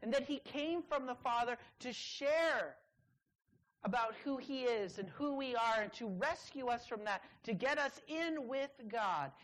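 A young woman delivers a sermon to a student group, stressing each key word and pausing for effect. Her delivery swings between quiet, low stretches and loud, rising bursts. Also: expressive, poor audio. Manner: emphatic, drawn-out pauses on key words. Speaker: preacher at a student gathering.

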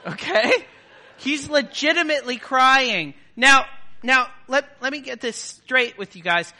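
A man with a high, pushed, bright voice preaches a conversational sermon to a live congregation, frequently checking in with his listeners.

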